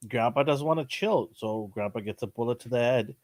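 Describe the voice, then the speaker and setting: Relaxed man, dry close sound. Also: medium pitch, brisk, dry recording. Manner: laid-back, chuckling, slangy. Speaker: podcast co-host. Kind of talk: casual chat.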